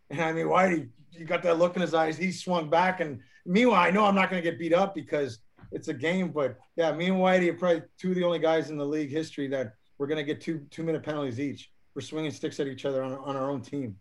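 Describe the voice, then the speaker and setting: A man, a former pro hockey player, telling rambling stories with laughs and restarts in a casual interview. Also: fairly high pitch.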